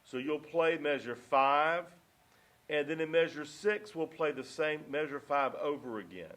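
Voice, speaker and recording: A man's voice: on the high side, measured pace, a bit bright. A man teaching a beginner clarinet lesson, counting beats aloud and giving patient, step-by-step directions. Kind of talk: instructional music lesson.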